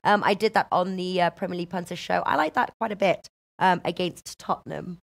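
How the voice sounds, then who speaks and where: A woman's voice: on the low side, fairly quick, vocal fry. Upbeat woman hosting a betting stream. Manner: upbeat, reads viewer comments aloud. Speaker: betting show host. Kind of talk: live-streamed betting tips chat.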